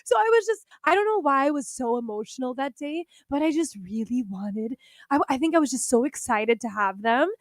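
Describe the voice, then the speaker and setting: A woman's voice: sits high, a little fast, no echo, clean studio sound. A woman with a Filipino accent co-hosting a morning radio show, chatting casually and mixing English with Tagalog. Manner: giggly and expressive, laughs often. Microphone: studio mic.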